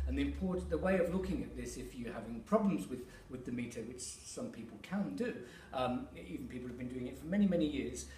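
A theatre director and actor giving an educational talk to camera. He explains at an unhurried pace, pauses on fillers, and taps out rhythms. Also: medium pitch, darkish tone. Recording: roomy echo, distant mic, faint ambience.

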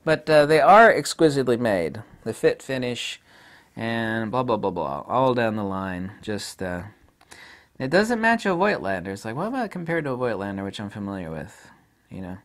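Middle-aged guy rambling about lenses, swears a lot, voice bounces up and down all over. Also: moderate pace. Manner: blunt, rambling, swears casually, laughs at own jokes; animated, pitch swings widely. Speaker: camera lens reviewer. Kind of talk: casual unscripted review.

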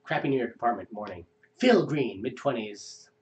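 Guy hosting a live script review, lots of up and down in his voice, chatty asides. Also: mid-range voice. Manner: animated, quick asides between script lines. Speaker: host reading a viewer script. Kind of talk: live chat critique.

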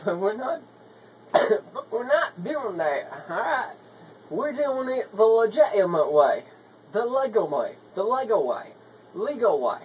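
A comedy video maker performs a sketch monologue as a scheming country wife pitching web-marketing tricks, using a put-on rural Southern US hick accent. She rambles folksily, calls everyone honey, and sounds very animated but slow, with a medium-pitched, darkish voice. The low-quality recording has slight background noise.

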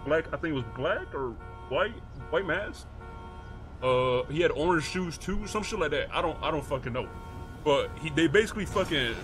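A man role-playing a mechanic in a game, excitable, slangy and swearing a lot. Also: a little high. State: out of breath. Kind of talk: in-character game role-play.

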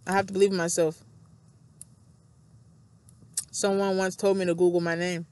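A woman's voice: fairly low pitch, flat delivery, normal speed, pauses often, a little mellow, clean tone, no echo. Woman vlogger, casual rambling monologue that drifts into reading aloud, repetitive and self-reflective.

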